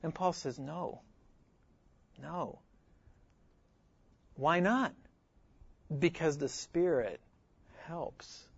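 A man preaching an expository sermon, earnest, repeating key phrases and moving between loud emphasis and hushed asides. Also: on the high side, takes it slowly, long pauses, husky, dry recording, highs cut off.

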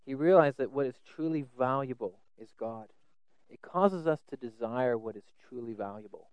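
A man preaching a sermon, earnest, often repeating words as he stresses a point, swinging between loud emphasis and soft asides. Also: mid-range voice, moderate pace, clean tone, no room sound, lo-fi sound.

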